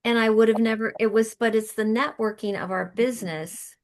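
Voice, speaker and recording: A woman's voice: a little high, fairly even intonation, fairly quick. A middle-aged woman, a podcast guest, telling her story in an earnest, emotional way with frequent restarts. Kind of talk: conversational storytelling.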